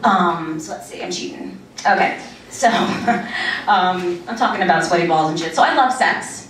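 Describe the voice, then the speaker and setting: A woman in her thirties performs a crude, rambling stand-up set in a small club with a live audience, laughing at her own jokes. Her voice is lowish, expressive, a little slow and fairly bright. The echoey room is recorded from far off, with audience chatter, laughter and crowd noise.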